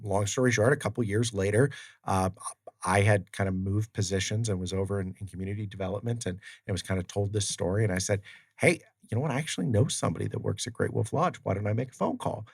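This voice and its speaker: Low-voiced man telling stories with many fillers. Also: quick pace, creaky, a little mellow, slightly rough, no echo, clean studio sound. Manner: storytelling, acts out quoted exchanges, many fillers. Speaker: guest, tribal community development official. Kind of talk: casual interview talk. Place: studio. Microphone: studio mic.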